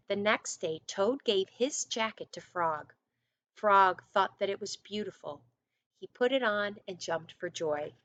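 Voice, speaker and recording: A woman first grade teacher reading a storybook aloud to her class, animated and coaxing, with little asides to the children. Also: mid-range voice, dry recording.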